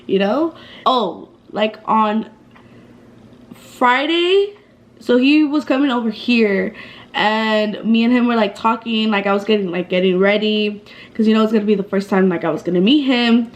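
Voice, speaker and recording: A woman's voice: on the high side, unhurried. A woman in her twenties telling a casual storytime vlog in a chatty, slangy way, with lots of fillers and swearing. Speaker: vlogger.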